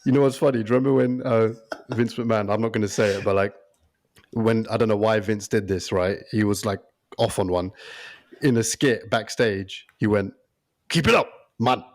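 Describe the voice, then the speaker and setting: A man co-hosting a podcast in casual chat, animated and laughing often. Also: fairly low pitch. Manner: animated, laughs often, does quick impressions. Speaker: podcast co-host.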